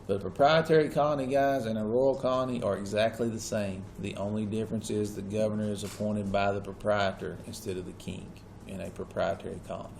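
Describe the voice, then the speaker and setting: A man lectures a classroom in an easygoing, conversational way. He keeps pausing to check whether his students are keeping up. A faint hiss sits under his voice. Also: fairly low pitch, steady tone, vocal fry, darkish tone. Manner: checks in often with students, casual Southern-style phrasing. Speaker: teacher.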